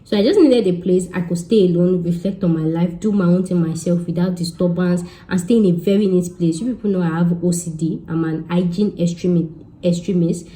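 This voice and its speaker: Lively Nigerian woman telling a story. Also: lowish voice, brisk. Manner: lively, jokey, mixes Pidgin and Yoruba into her English. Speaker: vlogger. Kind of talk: casual storytelling.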